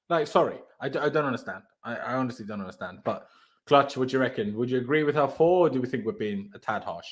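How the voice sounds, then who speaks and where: Hosting a football reaction stream, a young man with a medium-pitched, expressive voice rants fast in heated post-match fan chat. He sounds exasperated and keeps firing off rhetorical questions.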